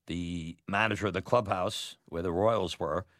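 A man's voice: low voice, fairly even intonation, moderate pace, a bit bright, no room sound, clean studio sound. A man telling a personal story about his youth, candid and conversational, chuckling now and then. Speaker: storyteller, former batboy.

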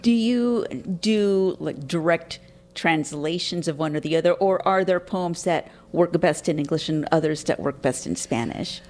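A woman hosts an interview and asks thoughtful questions in an easy, conversational way. Her voice is notably low for a woman. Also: measured pace, a little mellow.

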